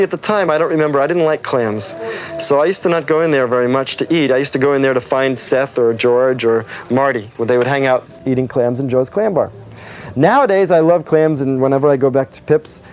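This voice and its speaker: A man, a comedian, answering interview questions in a soft-spoken, meandering way, with many fillers. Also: mid-range voice, fast, a little hiss or hum.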